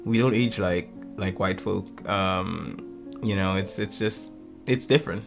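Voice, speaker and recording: A young man hosting a podcast, telling stories in a rambling, animated way. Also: low-pitched, measured pace, vocal fry, music in the background. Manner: rambling, animated storytelling with laughs. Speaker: podcast host. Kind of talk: casual chat.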